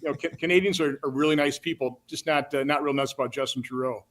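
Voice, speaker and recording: An older man from Wisconsin, a senator talking in an interview in a plain-spoken, halting way full of restarts. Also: mid-range voice, steady tone. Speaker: guest, senator.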